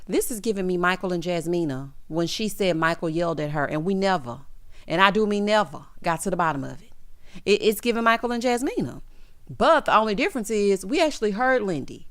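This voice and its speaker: A young adult woman recaps reality TV with blunt, sassy commentary. She talks straight at the people on screen in a mid-pitched, everyday voice. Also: expressive, brisk.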